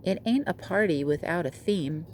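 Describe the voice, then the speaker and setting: A woman reading aloud as an excitable, bossy little girl who talks eagerly. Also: fairly low pitch, moderate pace, slight background noise, lightly acted.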